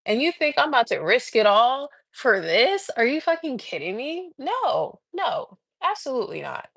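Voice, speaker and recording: A woman in her thirties, a massage therapist, telling a story on a casual livestream with animated, exasperated, swearing talk. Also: high-pitched, normal speed, vocal fry, breathy edge, dry recording.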